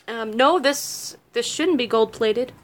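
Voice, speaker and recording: A woman's voice: a little high, slow pace, heavy background noise. A woman making jewelry at home, chatting casually with viewers as she works and answering their questions. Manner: chatty, laughs easily, talks to viewers by name. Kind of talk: casual livestream chat while crafting. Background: dog barking.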